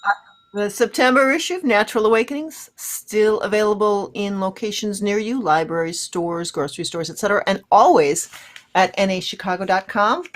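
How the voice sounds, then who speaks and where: A woman's voice: medium pitch, fairly quick. A woman co-hosting a radio talk show, casually plugging events and articles. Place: radio studio.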